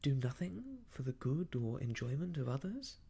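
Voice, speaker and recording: A man voicing a gentle, earnest young woman in a whispered role-play, speaking softly and sincerely. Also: mid-range voice, very animated, moderate pace, vocal fry, slightly rough, full character voice. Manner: soft, sincere and quiet.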